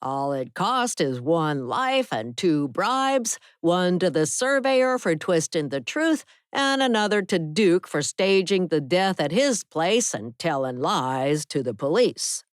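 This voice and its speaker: A woman narrating an audiobook in a measured, deliberate scripted read. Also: on the low side, big pitch swings, dry recording, studio quality.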